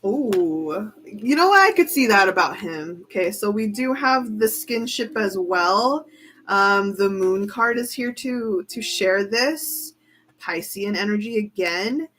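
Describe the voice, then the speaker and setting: Chatty excitable woman reading tarot. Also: medium pitch, slow, a little hiss or hum, low-quality recording. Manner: chatty, excitable, giggly fan talk. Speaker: tarot reader. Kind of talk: casual chat.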